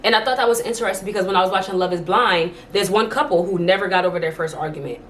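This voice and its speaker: A woman's voice: medium pitch, racing, fairly bright tone, a little hiss or hum. A young woman vlogging from home, chatting casually to camera and telling stories, full of "like" fillers. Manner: chatty storytelling, many "like" fillers.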